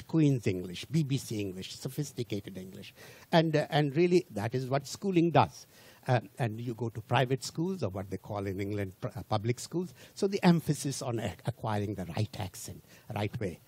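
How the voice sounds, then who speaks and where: Lively, husky-voiced older male lecturer. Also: mid-range voice, no room sound. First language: Hindi. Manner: animated and digressive, with rhetorical questions and frequent restarts. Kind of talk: lecture to a general audience.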